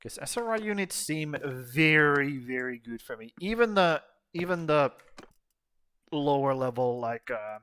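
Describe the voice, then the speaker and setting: A man's voice: on the high side, unhurried, smooth. A young man giving laid-back, casual commentary on his gameplay, cursing now and then and trailing off mid-sentence. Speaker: gaming channel host. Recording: steady background noise.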